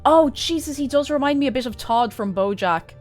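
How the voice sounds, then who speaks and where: A young woman streamer reading a visual novel aloud with expressive, laughing reactions. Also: high voice, brisk, faint music behind.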